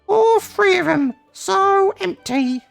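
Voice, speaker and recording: A man's voice: extremely high pitch, expressive, takes it slowly, vocal fry, a bit bright, dry recording, faint music behind, voice pushed up, exaggerated voice. A man voicing a fussy older noblewoman in a game, squealing and theatrical.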